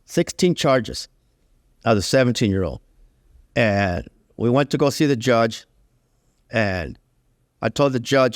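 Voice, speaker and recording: A man's voice: mid-range voice, dry recording, studio quality. A middle-aged man, a guest telling his life story in a candid, conversational way, full of "you know" fillers.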